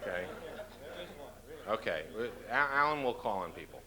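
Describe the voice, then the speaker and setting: A man's voice: lowish voice, animated, a crowd in the background. A man from Minnesota giving a comic question-and-answer talk as an author, joking dryly and stopping often with "uh". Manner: dry, joking, halting with many "uh"s. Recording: noisy lecture-hall recording.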